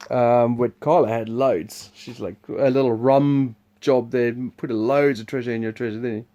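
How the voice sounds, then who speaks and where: Mellow-voiced man hosting a board game chat. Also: mid-range voice, steady tone, normal speed, dull audio. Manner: rambling, chuckling, restarts sentences. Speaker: host presenting a board game preview.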